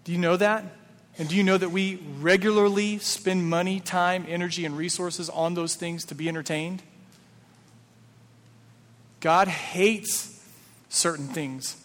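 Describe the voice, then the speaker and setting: A man's voice: high voice, steady tone, a little slow, long pauses, a bit bright. A male pastor giving a sermon, talking to the congregation in a conversational way and asking them many rhetorical questions. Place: church sanctuary. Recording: reverberant hall.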